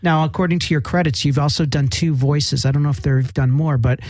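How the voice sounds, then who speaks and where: A male host asks curious questions in a casual interview. His voice sits fairly high for a man, and he laughs easily. The sound is close and dry. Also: steady tone, brisk, darkish tone, dry recording.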